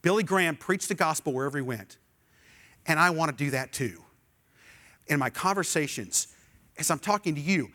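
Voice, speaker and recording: Male pastor, middle-aged, bright high-ish voice, animated sermon delivery. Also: moderate pace, pauses often. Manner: animated preaching, call-and-response with congregation.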